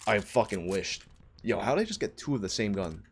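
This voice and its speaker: A man's voice: fairly low pitch, big pitch swings, fairly quick. A man chatting casually while playing a game on stream, often trailing off mid-thought. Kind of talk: casual chat while gaming.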